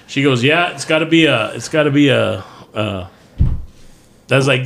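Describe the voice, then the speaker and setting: A man telling a raunchy story on a podcast, swearing freely and chuckling as he acts out what everyone said. His pitch sits in an ordinary middle range. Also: normal speed, vocal fry, fairly bright tone. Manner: profane, laughing storyteller who acts out quotes. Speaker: podcast host. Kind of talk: crude comedic storytelling.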